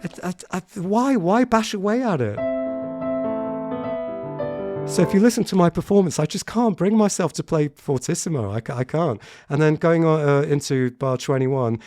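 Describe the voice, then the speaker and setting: A man teaching a piano piece in a relaxed tutorial, talking thoughtfully and often restarting his sentences. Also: a little high, normal speed. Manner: thoughtful, hesitant, repeats words when starting. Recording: piano playing in the background. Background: piano played between remarks.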